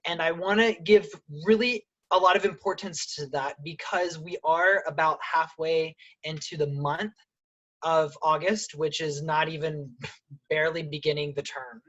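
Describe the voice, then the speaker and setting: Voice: medium pitch, steady tone, measured pace, a bit bright, muffled recording. Host on a video call doing club updates and intros, kind of formal. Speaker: meeting host. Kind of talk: meeting announcements.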